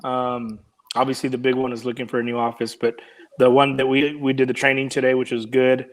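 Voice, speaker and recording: A man's voice: mid-range voice, flat delivery, brisk. A man and branch manager giving an easygoing work update on a video call, laughing easily and using many fillers. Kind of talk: casual chat over video call.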